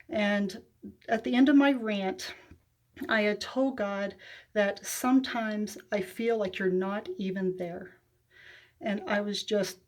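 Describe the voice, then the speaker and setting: Woman telling her faith story to viewers, soft and heartfelt, lots of little pauses, kinda close to tears, mid pitch. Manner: soft-spoken and heartfelt, with frequent hesitations. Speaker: faith vlogger. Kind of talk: personal testimony to viewers.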